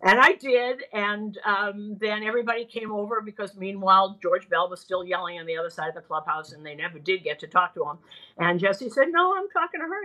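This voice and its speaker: An older woman broadcaster telling animated stories from her career in an interview, often quoting other people. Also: mid-range voice, rough recording. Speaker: guest broadcaster. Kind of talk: storytelling in a podcast interview.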